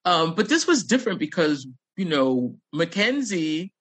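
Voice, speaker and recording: A podcast co-host chatting casually with friends in lively, laughing banter. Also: medium pitch, measured pace. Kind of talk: casual chat.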